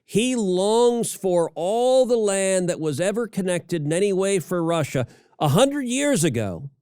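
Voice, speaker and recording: Middle-aged male co-host, forceful political commentary with stuttered restarts, close dry mic. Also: sits high, sing-song, measured pace, clear, resonant tone, no echo. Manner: emphatic, repeats words when starting sentences. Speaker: senator and podcast co-host.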